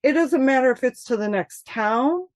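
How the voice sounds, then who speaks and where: A woman from Michigan chatting as an author guest in an interview, animated and laughing often as she tells stories. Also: high-pitched, normal speed, dry recording. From Michigan, USA. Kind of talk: casual interview chat.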